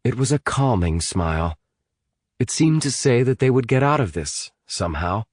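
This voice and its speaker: A man reading a thriller audiobook in an expressive, dramatic way. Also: medium pitch, moderate pace, no room sound, clean studio sound. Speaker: audiobook narrator. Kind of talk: scripted audiobook narration.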